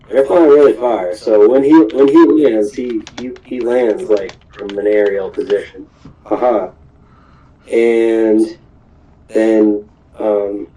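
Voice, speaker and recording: Brief: low-voiced man, unhurried, loose rambling recap of an episode. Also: dark tone, poor audio. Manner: rambling, many ums and restarts. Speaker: podcast host. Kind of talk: casual recap of a cartoon episode.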